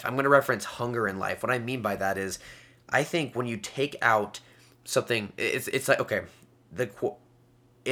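A man's voice: mid-range voice, bright, forceful tone. A young man in his late teens hosting a casual solo podcast, chatty and upbeat, with frequent little laughs. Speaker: podcast host.

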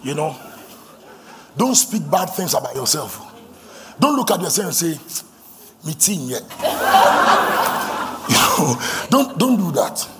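A man's voice: a little high, sing-song, slow, pauses often, a crowd in the background. A man preaching a sermon, fervent and repetitive, leading the congregation in call-and-response.

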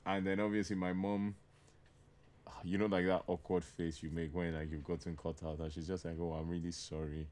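Young man, very low voice, from Nigeria, laid-back, casual podcast anecdote. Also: flat delivery, moderate pace, darkish tone. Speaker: podcast co-host. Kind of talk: casual chat.

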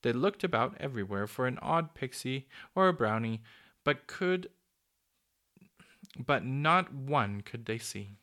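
Man, storybook narration, bright tone, mid pitch, occasional restarts. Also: measured pace. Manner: steady reading with small slips and restarts. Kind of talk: storybook read-aloud.

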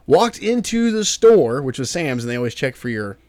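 A man's voice: medium pitch, normal speed, no room sound. A man with a Southern US accent, a podcast co-host telling stories in casual chat. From Southern United States. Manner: animated storyteller who acts out quotes.

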